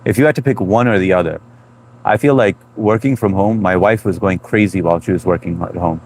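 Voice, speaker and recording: Stream host, man, thirties, low-pitched, loose friendly chat. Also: brisk, darkish tone, a little hiss or hum. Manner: loose and chatty, greets viewers by name. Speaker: livestream host reading chat. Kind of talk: casual live chat.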